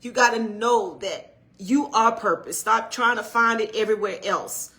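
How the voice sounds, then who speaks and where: A woman's voice: on the high side, moderate pace, pushed and bright. A middle-aged woman, chatting casually on a livestream and greeting viewers in a preacherly way. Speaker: channel co-host and minister.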